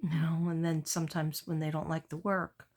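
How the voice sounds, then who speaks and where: A woman artist showing her work in a casual late-night vlog chat, meandering with many pauses and fillers, sounding tired. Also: low-pitched, level tone, a little mellow.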